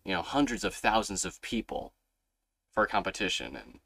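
Low-voiced young man telling a rambling story. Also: a little fast, creaky, a bit bright, no room sound. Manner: rambling storyteller, swears freely, acts out his younger self in a higher voice. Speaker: podcast host. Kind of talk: casual chat.

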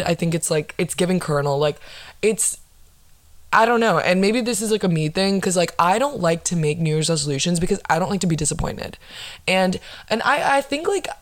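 A woman hosting her own solo podcast, ranting in a sarcastic, profane way full of fillers. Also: lowish voice. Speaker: podcast host.

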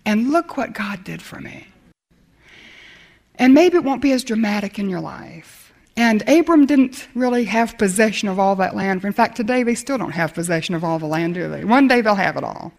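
A woman's voice: medium pitch, animated, brisk, a little mellow. An older woman preaching and telling a personal story, acting out the dialogue and laughing often. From America. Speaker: speaker telling a personal testimony. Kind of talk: sermon storytelling.

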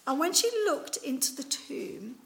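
Woman preacher, higher voice with gravelly fry, chatty storytelling sermon. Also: big pitch swings, unhurried. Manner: chatty storytelling with many fillers. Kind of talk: informal Easter sermon.

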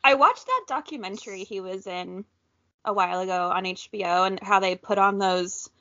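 A woman's voice: medium pitch, expressive, moderate pace, sharp tone, no echo. A woman competing in a quiz game on a casual podcast, outspoken and competitive, laughing often. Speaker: quiz contestant. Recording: dull lo-fi audio.

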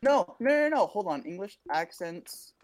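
A young woman chatting casually as co-host, quick with asides and laughing often. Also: mid-range voice, sing-song. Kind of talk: casual chat.

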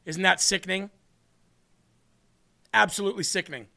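A man's voice: high voice, steady tone, moderate pace, gravelly, bright, forceful tone. A man hosting a political livestream, talking in a brash, mocking way and reading out viewer comments. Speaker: livestream show host.

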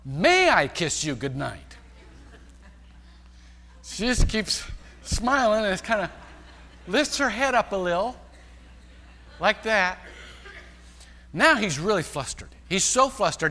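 A male pastor preaching a sermon, telling stories and shifting between loud emphasis and hushed, quiet passages. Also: sits high, lively intonation, measured pace, long pauses, in a large hall. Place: large church sanctuary.

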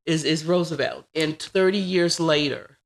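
A woman in her forties, a podcast guest, telling personal stories in a casual, animated way and acting out what people said. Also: sits low, normal speed. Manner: animated, acts out quoted dialogue. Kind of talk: casual interview storytelling.

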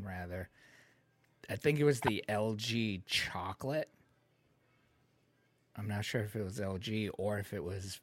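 A man co-hosting a casual podcast, joking around and telling stories, often breaking into loud put-on voices. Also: lowish voice, no room sound. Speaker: podcast co-host. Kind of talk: casual banter.

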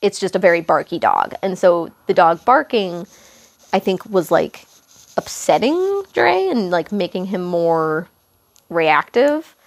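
A young woman hosts a podcast and tells a casual, meandering story, backtracking and correcting herself as she goes. Her pitch rises and falls a lot, and a gravelly fry runs under her voice. She fills her pauses with loose asides. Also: lively intonation. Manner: rambling, self-correcting, lots of fillers and asides. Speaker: podcast host.

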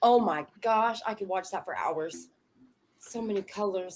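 A woman in her thirties co-hosting a podcast, excitable and playful in casual banter. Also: mid-range voice, unhurried, a little hiss or hum. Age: 30s. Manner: excitable, playful, talks over others. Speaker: podcast co-host.

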